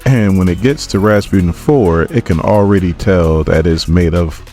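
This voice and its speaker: A man's voice: low voice, moderate pace, mellow, soft background music. A man giving a laid-back comic book recap, retelling the story and acting out the characters' lines as he goes.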